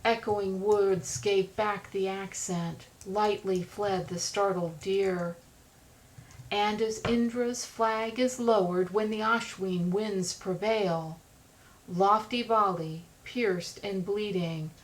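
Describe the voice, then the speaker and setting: A woman narrating an audiobook, reciting epic verse with a steady rhythm. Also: mid-range voice, takes it slowly, rough recording. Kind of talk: reading epic verse aloud.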